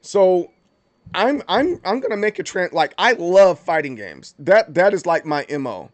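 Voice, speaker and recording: A man's voice: sits high, very animated, a little slow, no echo. A man hosting a livestream, chatting casually and animatedly, with many stammered restarts and bursts of mock outrage. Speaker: livestream host.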